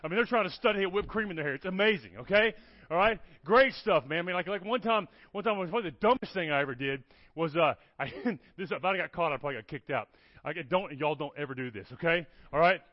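A man's voice: on the high side, fast, dry recording. A man, telling stories in a sermon and often asking "okay? all right?". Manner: animated, keeps checking in with "okay? all right?". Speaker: guest preacher. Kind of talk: storytelling sermon. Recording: dull lo-fi sound, dry.

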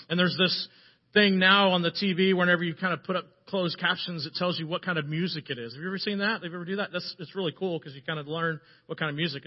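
A man delivers a sermon in a fairly high voice, and he tells the story with energy, rising to loud passages and then dropping to a hush. The recording is dull and lo-fi. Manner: animated storytelling, swinging between loud and hushed. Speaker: preacher.

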